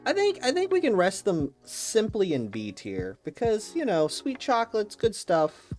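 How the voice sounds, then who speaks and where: Opinionated, swearing man with a lively voice. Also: high-pitched, moderate pace, soft background music. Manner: opinionated, profane, mock-dogmatic; rambling with frequent restarts. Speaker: YouTuber ranking snacks. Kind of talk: casual ranting commentary.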